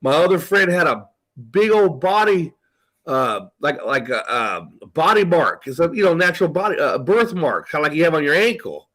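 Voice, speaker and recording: High-voiced rambling man. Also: sing-song, normal speed, fairly bright tone, rough recording. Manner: rambling, swearing, tells stories with quoted dialogue. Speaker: guest. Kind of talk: casual chat on a call.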